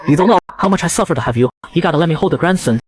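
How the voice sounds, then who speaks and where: A man's voice: on the high side, animated, very fast. A man voicing a grumpy old father who bluntly nags for a grandchild. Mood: grumbling. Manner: blunt, gruff nagging.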